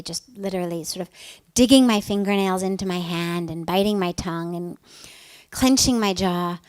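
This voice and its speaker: A middle-aged woman, a spiritual teacher, telling a personal story in an earnest, emphatic way that often softens to a breathy hush. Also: mid-range voice, no room sound.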